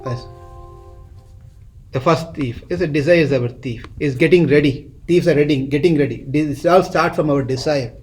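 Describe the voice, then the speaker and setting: A man's voice: on the high side, a little mellow, faint music behind. A man, teaching a scripture class. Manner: chants verses slowly, then explains in storytelling tone.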